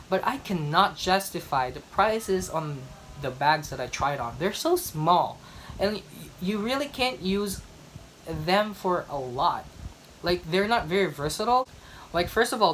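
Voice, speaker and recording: A woman's voice: on the low side, a bit bright, a little hiss or hum, low-quality recording. A young woman from the Philippines, vlogging in a chatty, emphatic way and often repeating herself for effect. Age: young adult. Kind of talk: casual chat.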